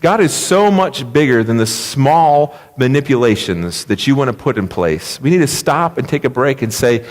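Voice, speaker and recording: A man's voice: medium pitch, lively intonation, normal speed, few pauses. Man preaching in a reverberant church. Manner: storytelling, emphatic, conversational. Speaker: pastor. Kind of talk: sermon. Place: church sanctuary. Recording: long reverb of a church hall.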